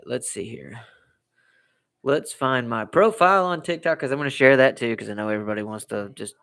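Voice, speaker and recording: A man's voice: mid-range voice, gravelly, pushed and bright. An American man hosting a casual live stream from home, rambling and repeating himself as he chats to viewers. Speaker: livestream host.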